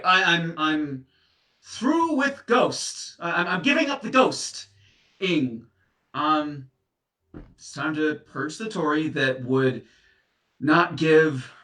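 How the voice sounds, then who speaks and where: Fairly high-pitched, bright, and forceful, this man exaggerates his voice as a comedic serial dumper haunted by an ex's ghost, stammering flustered apologies full of guilt. The sound is echoey and picked up from a distance.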